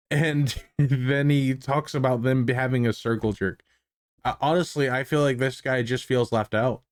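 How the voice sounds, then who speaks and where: A man's voice: mid-range voice, steady tone, measured pace, dry recording. A man giving casual reaction commentary on police footage, amused and profane, laughing often.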